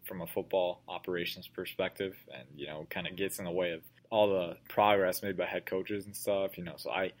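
A man with a notably deep, low voice hosts a casual sports podcast. He talks in loose, rambling runs full of "like" and restarts. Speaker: podcast host.

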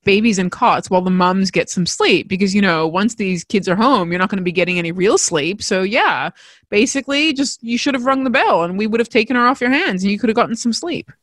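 A woman voicing a brisk, unsympathetic female hospital nurse who talks in a matter-of-fact, patronizing way. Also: medium pitch, lively intonation, no echo, lightly acted.

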